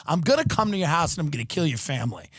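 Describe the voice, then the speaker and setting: A man's voice: a little high, sing-song, racing, husky, no echo, clean studio sound. A man hosting a podcast, delivering a profane, sarcastic comedic rant full of exaggeration. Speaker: podcast host.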